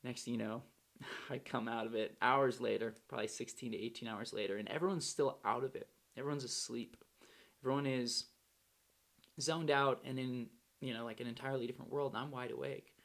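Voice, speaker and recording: Man, gravelly fry in the voice, candid slangy first-person storytelling. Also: medium pitch, steady tone, brisk, a bit bright. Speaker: storyteller recounting his recovery.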